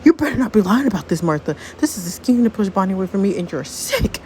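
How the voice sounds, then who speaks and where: A woman's voice: medium pitch, very animated, fast, darkish tone, a little hiss or hum, lightly acted, low-quality recording. A woman voicing a teenage boy who is anxious and blames himself over becoming a father. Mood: serious. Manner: distressed, self-blaming.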